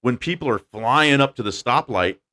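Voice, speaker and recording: A man hosting a casual podcast, telling stories with lively acted-out quotes and blunt opinions. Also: medium pitch, moderate pace. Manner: animated storyteller, acts out quotes. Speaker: podcast host. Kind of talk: casual chat.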